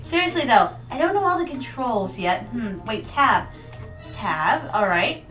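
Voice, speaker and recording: A woman's voice: on the high side, very animated, a little slow, fairly bright tone, distant mic, low-quality recording. An American woman streaming a game, chatting playfully and rambling to her viewers. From United States. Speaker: VTuber streamer. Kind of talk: casual game stream chat. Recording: mic set back, music behind.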